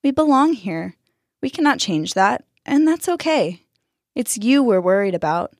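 A woman voicing a soft-spoken, caring old fisherwoman spirit in a storybook reading. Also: a little high, sing-song, measured pace, no room sound, studio quality, full character voice. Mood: tender. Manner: soft, soothing.

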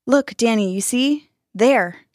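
Woman doing a protective big brother kid, urgent, high, dry close sound. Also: slow, no room sound. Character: protective older brother, young boy.

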